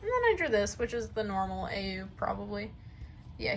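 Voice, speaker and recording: A woman's voice: medium pitch, expressive, moderate pace, a little hiss or hum, rough recording. A woman giving a casual tour of her sketchbook, gushing and rambling, often trailing off into mumbles. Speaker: artist showing her sketchbook.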